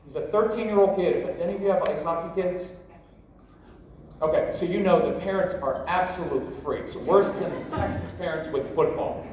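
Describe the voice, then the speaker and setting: A man's voice: high voice, moderate pace, a little mellow. A middle-aged man giving a humorous, rambling parenting workshop to a live audience, joking and talking straight to the crowd. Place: large convention hall. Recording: echoey hall, voice from a distance, faint noise.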